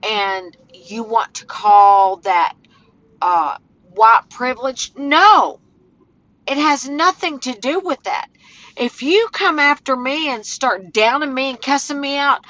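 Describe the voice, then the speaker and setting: A woman vlogging casually while walking home outdoors, talking in a slow, halting way that turns emotional. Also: high-pitched, a bit bright, dry recording. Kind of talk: casual vlog talk. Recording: dull phone audio with faint outdoor noise.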